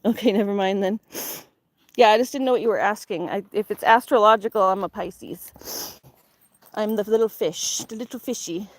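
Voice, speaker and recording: A woman's voice: normal speed, no room sound. A woman chatting casually on a live stream outdoors in a farm garden, reading chat and talking to her dog. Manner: chatty, talks to her dog in a high baby voice.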